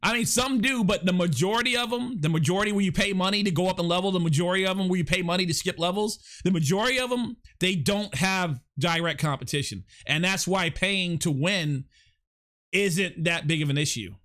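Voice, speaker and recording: A man's voice: high-pitched, fairly quick, a bit bright. A young man hosting his first live podcast, chatting casually and rambling, stammering as he reads out and answers viewers' chat. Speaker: live podcast and stream host.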